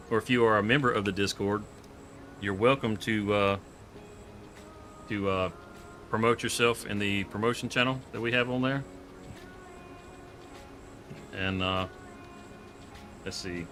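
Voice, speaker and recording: A man with a Southern Georgia accent, hosting a farming game live stream in a relaxed, rambling way with chuckles. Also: lowish voice, a little slow, long pauses, slight background noise. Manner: laid-back, chuckling, rambling with fillers. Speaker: streamer host. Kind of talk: casual live-stream gaming chat.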